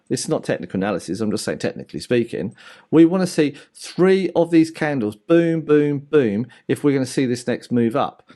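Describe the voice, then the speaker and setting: A man giving casual market commentary to his viewers, animated and direct, explaining ideas with everyday analogies. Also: a little high.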